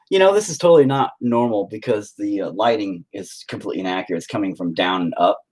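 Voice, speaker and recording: A man's voice: lowish voice, sing-song, normal speed, slight background noise. A man streaming himself painting, rambling to himself and swearing nonstop in casual, self-critical commentary. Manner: talks to himself while working. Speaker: painter streaming his work.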